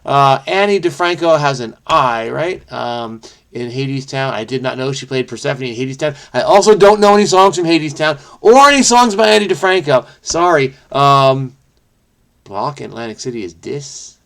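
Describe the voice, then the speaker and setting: A man thinking aloud as he solves a crossword, muttering to himself with many fillers and self-corrections, quick bursts between slower musing. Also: medium pitch, vocal fry, fairly bright tone. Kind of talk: thinking aloud while solving.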